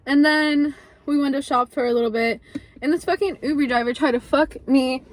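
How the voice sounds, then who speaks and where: High-voiced young woman telling a storytime. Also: normal speed, no room sound. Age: young adult. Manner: chatty, profane, animated, heavy use of like. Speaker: vlogger. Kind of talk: casual storytime vlog.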